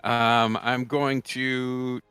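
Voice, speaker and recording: A man's voice: mid-range voice, flat delivery, drawn-out words, sharp tone, smooth, dry recording, soft background music. A man playing a tabletop game, talking eagerly and jokingly, with playful boasting about his character's moves. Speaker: player.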